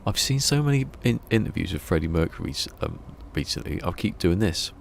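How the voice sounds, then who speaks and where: A man's voice: deep voice, sing-song, a little fast, creaky, a little hiss or hum. A man streaming a game, chatting casually and rambling through a story with chuckles. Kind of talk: casual live-stream chat.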